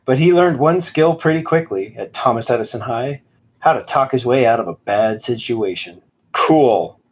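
A sarcastic, husky-voiced man co-hosts a podcast in a casual chat mocking a book. At medium pitch and normal speed, he stays animated, reading passages aloud in mock dramatic voices.

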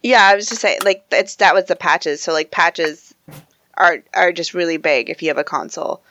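A woman's voice: on the low side, moderate pace, a bit bright, highs cut off, a little hiss or hum. A woman co-hosting a gaming podcast, chatty and teasing, with lots of "like". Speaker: podcast co-host. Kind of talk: casual gaming podcast chat.

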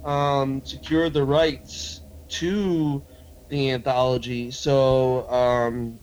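A man, a filmmaker guest, talking casually about his own short films, with frequent pauses and fillers. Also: medium pitch, level tone, a little mellow, a little hiss or hum, rough recording. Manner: laid-back, halting with fillers. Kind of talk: casual chat.

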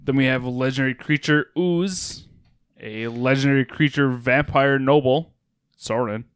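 A man co-hosting a casual gaming podcast, reading card previews with dry, deadpan teasing. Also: medium pitch, moderate pace, smooth, no echo. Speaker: podcast co-host.

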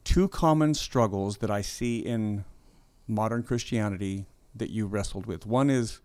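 A man, a pastor hosting a casual interview, conversational and animated, with playful asides. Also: lowish voice, unhurried. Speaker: pastor and podcast host.

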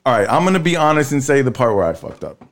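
A man in his thirties telling a family story in casual chat, tired, swearing freely and leaping up in pitch when he quotes people. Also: quick pace. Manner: animated storyteller, swears freely, jumps high when quoting. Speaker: podcast co-host.

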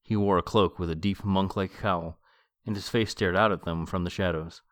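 A man with a very low voice reads a novel aloud for his podcast. His delivery is calm and measured, shifting into relaxed commentary. The sound is dry and close, with no room echo. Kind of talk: book reading and commentary.

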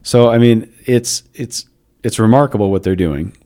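A man's voice: mid-range voice, moderate pace, mellow. A man hosting a casual, reflective discussion, thinking aloud with frequent restarts. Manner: thoughtful, with frequent restarts and musing asides. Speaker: podcast host.

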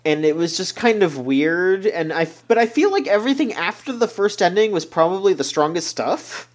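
A man's voice: sits high, sing-song, normal speed. Rambling young man in casual chat. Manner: rambling, hesitant, many fillers and restarts. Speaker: podcast co-host. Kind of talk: casual chat reviewing an anime.

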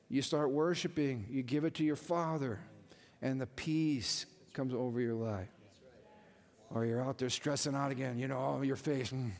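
A male pastor preaching a sermon with animated delivery, acting out little voices as he teaches. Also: mid-range voice, normal speed, creaky. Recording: reverberant hall.

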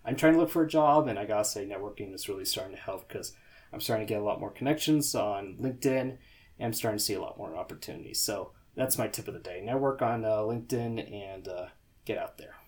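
A man's voice: on the low side, expressive, fast talker, a little mellow. A young man co-hosting a casual podcast, talking in a loose, hesitant way with lots of fillers and restarts. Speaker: podcast co-host.

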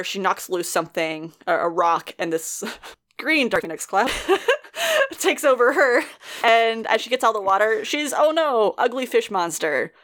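Woman, podcast co-host, casual recap, slightly low voice, giggly, profane. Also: fairly bright tone. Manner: chatty, laughs often, swears freely.

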